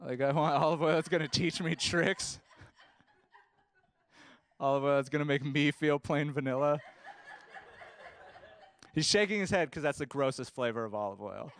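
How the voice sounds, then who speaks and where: A young man performing a rambling, self-deprecating stand-up set on a comedy stage, full of halting restarts. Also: a little high. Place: comedy stage before a live audience.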